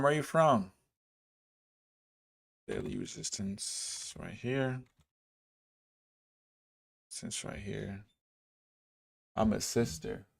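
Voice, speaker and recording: A man from Dallas talks on a trading livestream. His voice is lowish with a gravelly edge. He keeps it loose and conversational, greeting chat viewers between chart readings. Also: a bit bright. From Dallas, Texas. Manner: laid-back, chats with viewers while reading charts.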